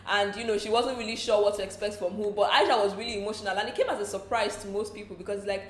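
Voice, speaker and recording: Nigerian woman, gossipy recap host, mid-pitched, echoey room. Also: fairly even intonation, quick pace, hardly any pauses. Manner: chatty, laughs often, slips into pidgin asides. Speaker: entertainment show recap host.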